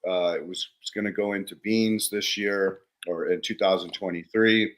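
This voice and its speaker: A man hosting a podcast in a casual interview chat, an animated storyteller who acts out the people in his anecdotes. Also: sits low, moderate pace, rough recording. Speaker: podcast host.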